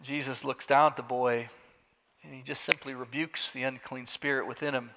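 A man's voice: mid-range voice, steady tone, moderate pace, vocal fry, sharp tone. A man preaching, telling the story vividly and emphatically, with his voice swelling at the climaxes. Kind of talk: dramatic sermon storytelling. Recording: echoey hall.

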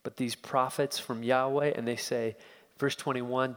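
A man's voice: medium pitch, little pitch movement, unhurried, a bit bright. Male preacher, expository sermon, dramatic and questioning, reverberant hall.

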